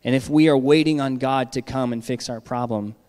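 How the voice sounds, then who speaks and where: A man's voice: medium pitch, steady tone, brisk, a little mellow. Man preaching in an echoing church hall. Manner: conversational preaching with frequent "all right?" check-ins. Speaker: pastor. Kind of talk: sermon.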